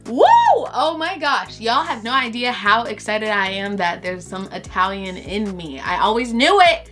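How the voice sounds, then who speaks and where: Bright, excitable woman vlogger. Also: medium pitch, normal speed, few pauses, faint music behind. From Brazil. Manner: excitable, chatty, stumbles over words. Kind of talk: casual chat to camera.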